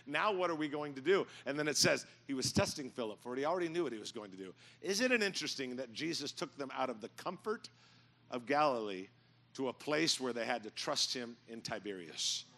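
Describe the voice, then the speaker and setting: A middle-aged man preaching a sermon in a church, telling stories and building to loud, emphatic points. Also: medium pitch, animated, brisk. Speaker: pastor. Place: church sanctuary.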